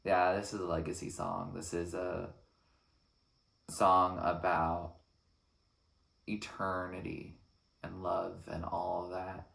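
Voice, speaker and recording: A man reacting to an album track by track, talking in an earnest, thoughtful way with frequent pauses between phrases. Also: low-pitched, monotone, vocal fry, fairly bright tone, reverberant. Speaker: music reaction channel host. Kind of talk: reflective album reaction commentary.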